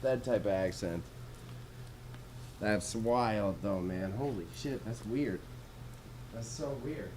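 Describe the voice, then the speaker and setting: A man's voice: on the low side, slow, pauses often, darkish tone, slight background noise, rough recording. Laid-back Canadian guy streaming. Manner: laid-back, slangy, swears casually, chats with viewers. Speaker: livestreamer. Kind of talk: casual livestream chat while sorting jewelry.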